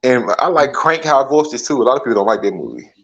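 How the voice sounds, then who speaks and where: A man's voice: mid-range voice, big pitch swings, fast, muffled recording. A man chatting casually with friends on an online voice call, laid-back and full of slang and profanity. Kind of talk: casual chat.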